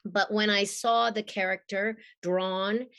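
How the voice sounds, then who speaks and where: A husky-voiced woman from Australia speaks with a mid-Atlantic accent, telling stories at an even middle pitch and laughing often. She talks over a video call as an interview guest. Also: slow. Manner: animated storyteller, laughs often. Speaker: guest voice actress. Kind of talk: casual interview.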